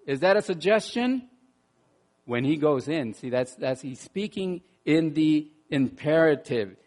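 A man preaching a sermon in an animated way, dropping to quiet asides and rising to loud bursts, often repeating words as he restarts. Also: on the high side, measured pace. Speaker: pastor.

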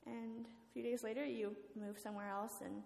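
A woman's voice: on the high side, flat delivery, moderate pace, vocal fry, a little mellow, a little hiss or hum. A woman telling a story as a sermon in a church, talking casually with filler words. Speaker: guest speaker. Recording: echoey hall with faint ambience.

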